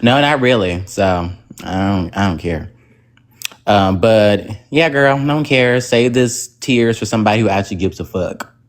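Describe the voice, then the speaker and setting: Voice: mid-range voice, normal speed. A speaker, ranting brashly and dismissively on a livestream panel, heavy on profanity. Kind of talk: heated livestream rant.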